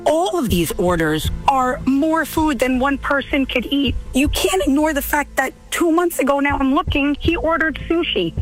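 Female caller, very high pitch, earnest storytelling, faint music bed. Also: expressive, normal speed, few pauses, rough recording. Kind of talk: telling a personal story.

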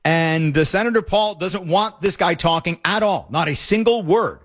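A man hosting casual political commentary, emphatic and excited as he reacts to clips. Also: sits high, normal speed. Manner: emphatic, excited, fond remarks.

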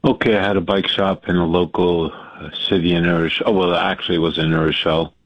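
Very deep-voiced male caller, lo-fi line. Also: little pitch movement, fast talker, no echo. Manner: earnest, hesitant storyteller. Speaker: radio caller. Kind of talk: call-in radio talk.

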